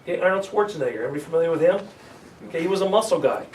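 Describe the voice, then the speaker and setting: A man teaching sales in a live seminar, energetic and coaching, asking his audience questions. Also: a little high, very fast. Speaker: sales trainer. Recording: echoey room, far from mic, faint hiss.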